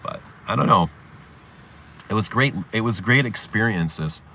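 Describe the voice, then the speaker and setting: A man from Canada hosting a casual livestream chat, telling childhood stories with lots of laughter and loud acted-out shouts. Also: lowish voice, a little slow, a little hiss or hum. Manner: animated, laughing often, swearing, acting out shouts. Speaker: livestream host.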